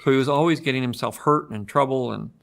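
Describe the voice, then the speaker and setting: A man's voice: mid-range voice, fast, gravelly. A man, a filmmaker, speaking thoughtfully and conversationally in a documentary interview.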